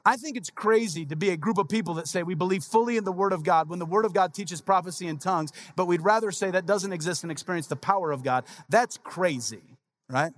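A man's voice: sits high, quick pace, a bit bright. Conversational male pastor preaching. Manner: conversational storytelling, frequent "right?" asides. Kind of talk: sermon.

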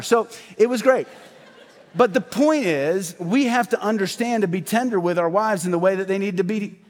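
A man preaching a sermon in a church, talking conversationally and animatedly to the congregation with asides. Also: high-pitched. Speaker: pastor. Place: church sanctuary. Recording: hall reverb.

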